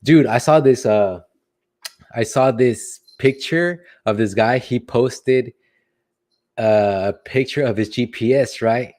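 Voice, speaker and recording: A man's voice: medium pitch, slow, darkish tone. A young man hosting a casual livestream, chatting playfully with viewers in slangy, sing-song greetings. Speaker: livestream host, delivery driver.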